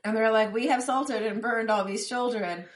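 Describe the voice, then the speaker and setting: A woman's voice: on the high side, fairly even intonation, moderate pace, echoey room. A woman co-hosting a podcast, chatting casually and laughing as she recaps an episode. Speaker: podcast co-host.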